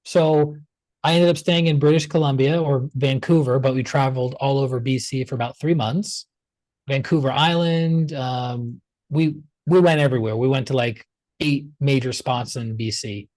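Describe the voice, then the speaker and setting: A man's voice: mid-range voice, normal speed, no echo. Dry-voiced man telling his story. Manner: animated storyteller acting out past dialogue. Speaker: guest. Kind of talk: casual storytelling interview.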